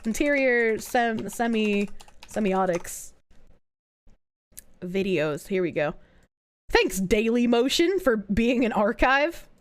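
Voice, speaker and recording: A woman with a New Jersey accent streaming live, reacting to chat in a loud, crude, animated way and breaking into shrieking laughter. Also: a little high, slow, pauses often.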